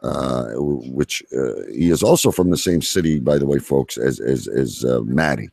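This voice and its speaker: A man's voice: rumbling low, moderate pace, vocal fry, darkish tone, no room sound, clean studio sound. A man hosting a casual podcast, rambling with many fillers. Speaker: podcast host.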